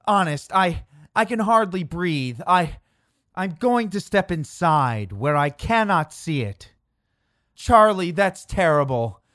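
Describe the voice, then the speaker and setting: Narrator doing a frantic old-time radio reporter guy, breathless and cracking, way up high and loud. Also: huge pitch swings, takes it slowly, hardly any pauses, no echo, studio quality. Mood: distraught. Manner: sobbing, breathless, broken-off exclamations. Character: panicked 1930s male radio reporter at a disaster. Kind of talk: reenacted archival radio report.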